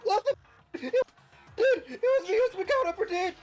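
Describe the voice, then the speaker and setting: A stream guest voicing a panicky, cowardly young man who whines and pleads in a shrill voice. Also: animated, unhurried, soft background music. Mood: panicked whining. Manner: shrieking, whiny, pleading.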